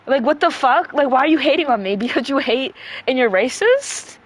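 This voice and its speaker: Young woman ranting on stream, swearing a lot, kinda high voice, mic right up close. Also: expressive. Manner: profane, combative, rapid rants with breathing. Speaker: livestreamer answering chat. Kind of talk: ranting livestream talk.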